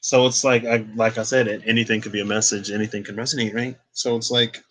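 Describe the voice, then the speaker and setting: A man's voice: lowish voice, level tone, fast talker, fairly bright tone. A young man giving a casual, rambling tarot reading, thinking aloud and restarting his phrases often. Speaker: tarot reader.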